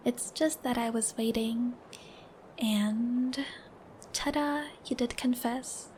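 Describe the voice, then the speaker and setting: A young woman acts out a bashful, smitten girlfriend in a whispered role-play, her high voice drifting in and out of breathy whispers. She giggles between thoughts and babbles tenderly, and she takes her time with every word. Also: steady tone, takes it slowly, slight background noise. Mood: shy, tender. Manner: giggly, babbling, soft and affectionate. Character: shy giggly young woman, newly in love.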